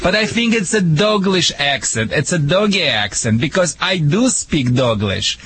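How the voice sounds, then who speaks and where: A man's voice: on the high side, animated, normal speed, fairly bright tone, husky, no echo. A man from Russia with a Russian accent, joking and giving dog training advice on a call-in radio show in broken English. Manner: playful, joking, broken English with many restarts.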